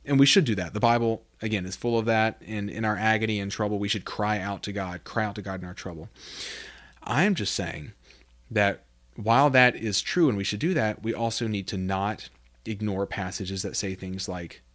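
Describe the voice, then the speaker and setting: A man's voice: lowish voice, moderate pace, a bit bright. Male podcast host, conversational devotional teacher, plenty of "I mean" restarts, builds emphasis on scripture passages. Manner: conversational, reads scripture aloud with rising emphasis; self-correcting, many fillers like "I mean".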